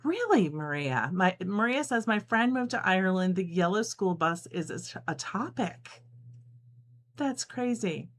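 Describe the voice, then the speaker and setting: Very animated yet a little slow, this middle-aged New Jersey woman speaks at medium pitch while hosting a casual live sew-along. She chats, laughs often and reads viewer comments out loud as she sews.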